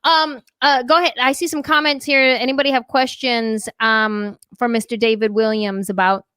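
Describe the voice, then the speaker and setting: A woman's voice: a little high, steady tone, moderate pace, bright, forceful tone, clean tone, no room sound. A woman hosting a live-streamed interview, bubbly and playful, laughing easily. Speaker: host.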